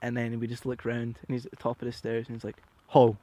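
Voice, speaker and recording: A man's voice: medium pitch, fast talker, no room sound. Swearing young man telling stories. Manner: animated, sweary, tags lines with "right?". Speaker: podcast guest, rapper. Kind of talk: casual storytelling chat.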